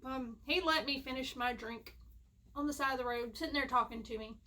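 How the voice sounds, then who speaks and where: A woman's voice: sits high, fairly quick, pushed and bright. A young woman, telling a rambling, self-mocking storytime at home. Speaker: vlogger. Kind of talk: casual storytime.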